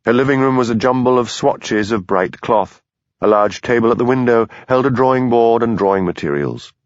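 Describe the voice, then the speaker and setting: A man narrating a mystery audiobook in a measured, even storytelling manner. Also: mid-range voice, no echo, lo-fi sound. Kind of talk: scripted narration.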